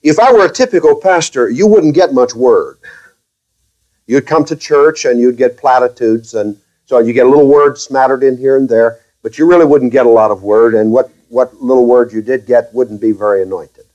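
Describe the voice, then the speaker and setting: A man preaching a sermon as pastor to his own congregation, speaking carefully, with restarts and wry, gently sarcastic asides. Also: medium pitch, moderate pace, highs cut off.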